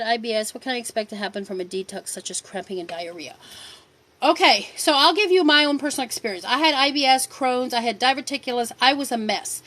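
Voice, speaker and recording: A woman's voice: fairly high pitch, fairly bright tone. Firm, emphatic woman hosting a live stream. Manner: firm, direct and emphatic, repeating key points. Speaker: livestream host selling supplements. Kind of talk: casual live-stream talk answering viewer questions.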